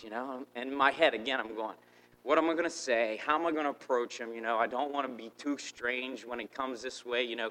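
A man preaching in a church, telling a personal story with animated, repetitive re-enactments of his own thoughts. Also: medium pitch, big-room sound, poor audio. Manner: animated, acts out his own inner thoughts, repeats words. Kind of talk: sermon storytelling.

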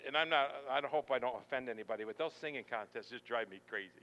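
Preacher swinging from shouts to whispers. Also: male voice, medium pitch, quick pace, dull audio, faint music behind. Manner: dramatic swings between shouting and near-whispering. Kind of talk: sermon.

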